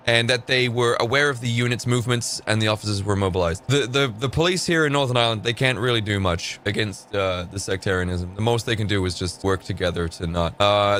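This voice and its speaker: A male online commentator reads news stories aloud and breaks in with sarcastic, mocking asides. His voice is bright and edged. He often jumps up into loud, high exclamations. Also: slight background noise. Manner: sarcastic, mocking, swings into high shouted bits.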